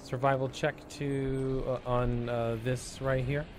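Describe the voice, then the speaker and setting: A man's voice: mid-range voice, little pitch movement, slow, noisy background. A young man playing a tabletop game, hesitantly describing what his character does, with many fillers. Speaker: player. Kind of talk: casual tabletop game chat.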